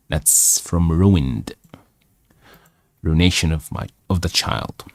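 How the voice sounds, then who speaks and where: A man's voice: rumbling low, animated, slow, gravelly, darkish tone, no echo, studio quality. A man reading a novel aloud for English learners, stopping to check words and repeat their pronunciation. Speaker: English teacher.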